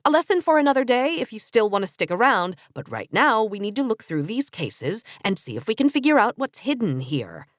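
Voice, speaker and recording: A woman's voice: a little high, very animated, fairly quick, few pauses, dry recording. A woman narrator voicing a sarcastic, bossy female mentor in a storybook reading, in a dry, cutting tone.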